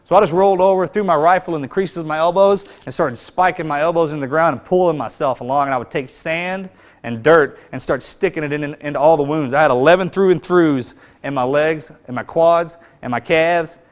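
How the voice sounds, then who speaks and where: Man quietly recounting combat. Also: a little fast. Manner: earnest, plain-spoken, often drops to a low hush. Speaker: combat veteran telling his story. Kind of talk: spoken personal account to an audience.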